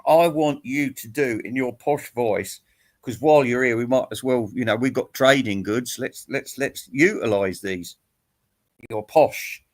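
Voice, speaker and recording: A man's voice: medium pitch, a little slow. A man giving a rambling, teasing, crude rant aimed at other online commentators. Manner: teasing, crude, laughs at own jokes. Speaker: YouTube commentator. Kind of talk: rambling mock-serious rant.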